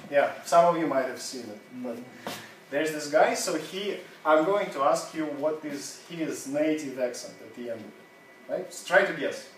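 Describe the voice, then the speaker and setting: A man's voice: a little high, lively intonation, a little hiss or hum. Echoey distant man teaching a class. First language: Russian. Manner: casual, halting, laughs often. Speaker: seminar teacher. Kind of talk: classroom seminar talk. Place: university classroom.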